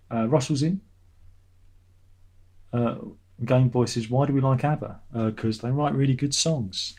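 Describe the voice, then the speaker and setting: Rambling man, husky mellow voice. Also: mid-range voice. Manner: rambling, sarcastic, laughs at his own jokes. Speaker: live stream host reading chat. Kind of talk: casual chat.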